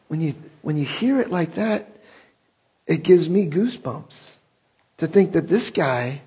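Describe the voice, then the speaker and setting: A man's voice: a little high, lively intonation, measured pace, warm tone, slightly rough, low-quality recording. A man preaching a sermon as pastor, earnest and building to impassioned rhetorical questions.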